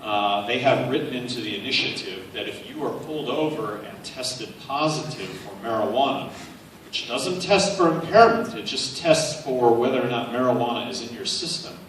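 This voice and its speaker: A man delivers a relaxed, story-driven campaign speech, leaning on "uh" as he goes. His voice sits a bit low. It reaches the mic from far off in a very echoey hall, with faint noise underneath. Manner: conversational, anecdotal, frequent "uh" fillers. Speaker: political speaker. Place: large university hall. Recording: echoey hall, picked up from afar.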